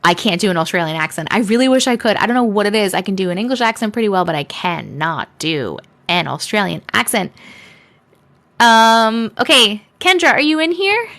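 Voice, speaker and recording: A woman races through viewer stories on her live stream, fast and expressive with hardly any pauses. Her voice is fairly high and fairly bright, picked up by a desk microphone, and her chatty reading is playful with sarcastic asides.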